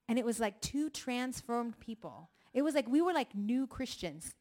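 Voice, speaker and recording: Middle-aged woman, testimony speaker, animated storyteller who acts out voices. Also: a little high, normal speed, few pauses. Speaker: speaker at a ministry gathering. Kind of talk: personal testimony talk.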